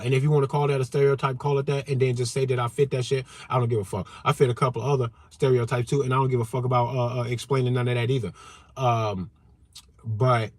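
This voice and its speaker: A man talking loud and animated, swearing freely and circling back over his own points as he rants to his viewers from the driver's seat. The sound is close and dry, with no room around it. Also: mid-range voice, no echo. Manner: loud, animated, heavy cussing, repeats himself. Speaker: channel host. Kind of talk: heated livestream rant. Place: in a car.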